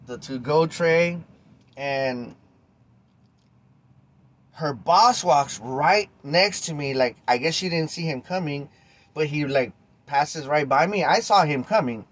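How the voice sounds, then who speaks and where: A man, hosting a podcast and telling a story straight to his listeners in a loose, animated way with casual swearing. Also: on the high side, slow pace, long pauses. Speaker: podcast host.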